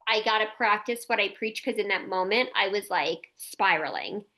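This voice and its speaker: This is a woman in her thirties hosting a casual podcast conversation. Her voice is bright and forward, and her speech is loose and frank, full of "like" fillers and the occasional curse. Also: mid-range voice, moderate pace. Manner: candid, chatty, peppered with "like" and mild swearing. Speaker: podcast host.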